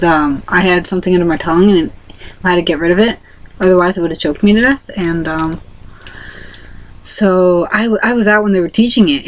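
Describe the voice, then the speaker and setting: A young woman talks to her camera in a loose, rambling way, with lots of fillers and false starts. Her voice sits a little low for a woman. She tells her story plainly as a vlogger. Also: rough recording. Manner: rambling, full of fillers and restarts.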